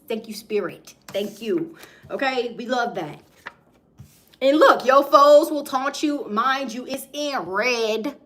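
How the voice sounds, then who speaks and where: Young woman doing a tarot reading, slangy, keeps saying okay, kinda high voice. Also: a bit bright. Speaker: tarot reader. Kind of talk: casual tarot reading to viewers.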